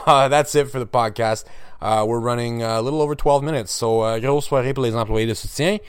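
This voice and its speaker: A man's voice: medium pitch, animated, fast talker, clean tone, dry recording, studio quality. A man hosting a solo hockey podcast, talking candidly and wryly with lots of fillers and restarts. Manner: candid, wry, self-deprecating, with frequent fillers. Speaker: podcast host. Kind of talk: solo sports podcast commentary.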